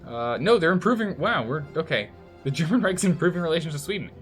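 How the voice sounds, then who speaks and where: A man's voice: fairly high pitch, animated, quick pace, faint music behind. A man streaming a strategy game and commenting live, thinking aloud and scolding the game's nations in mock outrage.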